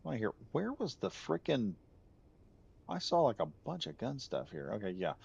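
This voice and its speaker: A man's voice: mid-range voice, huge pitch swings, normal speed, gravelly, a little mellow, breathy edge. A man streaming a game, chatting casually and rambling off on tangents with frequent laughs. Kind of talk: casual live gameplay commentary.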